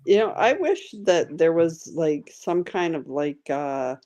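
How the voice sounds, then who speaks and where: A woman's voice: low-pitched, big pitch swings, slow pace, darkish tone. A woman hosting a casual podcast chat about an online game, rambling and laughing often with lots of fillers. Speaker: podcast host.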